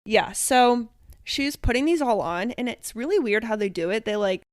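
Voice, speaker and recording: A young woman co-hosting a podcast, telling a story in casual chat, animated, acting out the dialogue she quotes and often saying "like". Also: on the high side, normal speed, no echo, studio quality. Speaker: podcast co-host.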